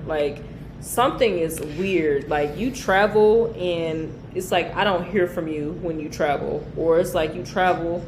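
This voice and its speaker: A woman's voice: on the low side, measured pace, echoey room, background noise. A young woman co-hosting a podcast, talking bluntly and animatedly and swearing freely. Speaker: podcast co-host. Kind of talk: casual chat.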